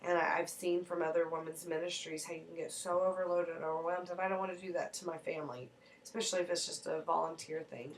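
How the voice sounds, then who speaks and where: A woman's voice: fairly low pitch, fairly even intonation, fast, a little hiss or hum. Earnest woman talking faith, slightly distant. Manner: earnest, heartfelt, rambling with restarts. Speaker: mother sharing faith reflections. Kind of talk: personal faith vlog.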